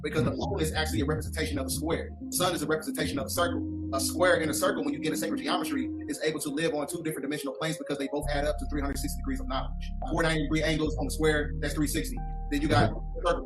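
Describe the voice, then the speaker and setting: Man, higher voice, very rapid, insistent lecturer, distant mic, loud music beneath. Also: steady tone. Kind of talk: conspiracy monologue.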